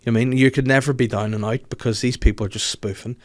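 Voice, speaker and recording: A man's voice: mid-range voice, steady tone, rapid-fire. A man guesting on a podcast, chatting casually and telling stories with frequent laughter. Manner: chatty storyteller, laughs often. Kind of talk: casual chat.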